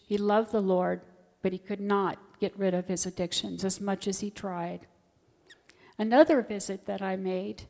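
This is a middle-aged woman with a mid-range, darkish voice who volunteers as a hospital chaplain. She tells her testimony in church with earnest, heartfelt sincerity, and a long church reverb surrounds her words.

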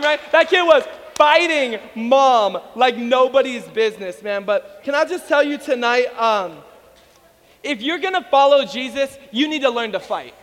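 A man preaching an energetic sermon to a congregation, telling stories and acting out the voices of the people in them. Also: extremely high pitch, moderate pace, in a large hall, a faint crowd. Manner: animated storytelling, acts out voices. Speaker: pastor.

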